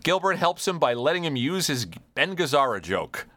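A man's voice: a little high, very animated, sharp tone, slight background noise. A man hosting a podcast, reading out listener questions in casual chat and chuckling along. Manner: brisk, chuckling question reader. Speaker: podcast host.

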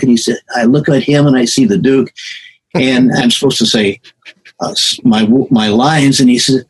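A man's voice: mid-range voice, expressive, moderate pace, husky, poor audio. A man in his eighties, a veteran musician, telling long anecdotes in a conversational interview, with plenty of fillers and restarts. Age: 80s. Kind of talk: storytelling in a conversation.

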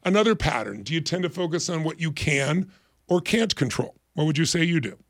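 A man's voice: fairly high pitch, animated, fairly quick, no room sound. A middle-aged man on a podcast explaining ideas emphatically and acting out little quoted voices. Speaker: guest, life strategist. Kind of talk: motivational explanation in interview.

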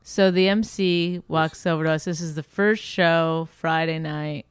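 A middle-aged woman comedian co-hosting a casual chat, telling stories with animation and leaping into a high voice when she quotes people. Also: steady tone, unhurried, smooth, no echo. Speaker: podcast co-host and comedian.

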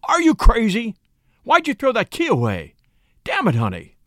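A man voicing a grown husband in a storybook reading, breezy in manner but quick to bluster. His voice sits a bit high and swings widely, in a dry, close recording. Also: wildly swooping pitch, a bit bright, dry recording, full character voice. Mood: exasperated. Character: easygoing husband, grown man, turns exasperated. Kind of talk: audiobook reading.

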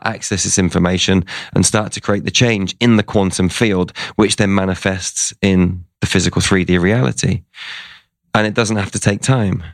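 Male interview guest, low voice, dry close sound, chatty storyteller who acts out the lines people said. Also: vocal fry, no room sound. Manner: conversational, retells events with quoted dialogue.

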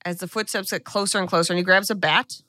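A podcast co-host, a woman, recaps a movie's plot in loose, lively conversation full of fillers and asides. Her lowish voice sounds bright and forward and moves at a quick clip. The recording is close and dry, with no room sound at all.

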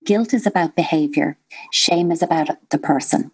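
A woman, a psychotherapist guest explaining her ideas in a lively, animated way on a podcast. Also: sits low, normal speed. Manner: animated, mimics voices when quoting. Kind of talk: expert conversation on a podcast.

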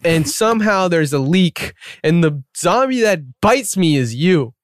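A man co-hosting a casual chat, spinning exaggerated scenarios with lively, joking energy. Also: fairly high pitch, unhurried, no room sound, studio quality. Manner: animated storyteller, riffs with exaggerated scenarios. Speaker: podcast co-host.

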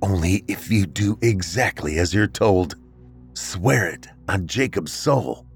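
A man voicing a cold, scheming mother who speaks in a soft, hissing whisper. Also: low-pitched, animated, takes it slowly, breathy edge, soft background music, heavily acted. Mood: coldly soothing.

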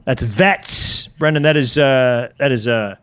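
A man's voice: mid-range voice, unhurried, fairly bright tone, smooth. Mock-earnest male podcast co-host. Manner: mock-earnest, playing along. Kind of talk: comedic podcast banter.

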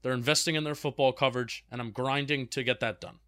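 A man's voice: medium pitch, steady tone, fast, pushed and bright, no room sound, studio quality. A man in his twenties co-hosting a football fan show, chatting casually with many restarts as he reads out listener questions. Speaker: sports podcast co-host. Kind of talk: casual chat.

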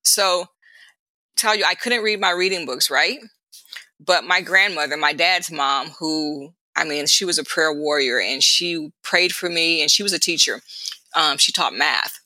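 A middle-aged woman recounting her childhood as an interview guest, in a bright, forceful voice. She tells it casually and chattily, talks straight to her hosts, and acts out the voices of people in her story. The sound is dry and close. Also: low-pitched, unhurried, dry recording, low-quality recording. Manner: animated, laughing storyteller who acts out voices.

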